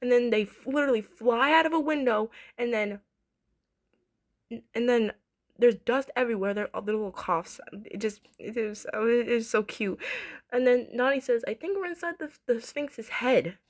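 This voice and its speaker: A young woman in her twenties chatting through a cartoon episode review, slightly high-pitched and bubbly. She gushes and circles back to repeat her favorite points. Her talk stays loose and casual throughout. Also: normal speed. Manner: gushing, excitable, repeats herself.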